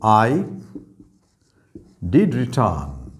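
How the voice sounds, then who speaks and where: Lively-voiced man teaching grammar. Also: on the low side, creaky. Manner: careful, measured, repeats example sentences. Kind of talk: slow explanatory lesson.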